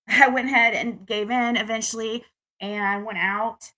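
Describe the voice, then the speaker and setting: A woman's voice: fairly high pitch, fairly even intonation, a little slow, bright, forceful tone. A young adult woman from the United States telling a rambling personal dating story to her viewers, with restarts and frustrated venting. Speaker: vlogger. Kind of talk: casual personal story to camera.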